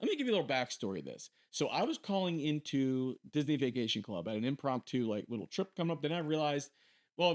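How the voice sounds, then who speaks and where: A man co-hosting a fan podcast, telling stories in casual chat and acting out the voices of the people he quotes. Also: mid-range voice. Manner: animated storyteller, acts out quoted voices. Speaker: podcast co-host.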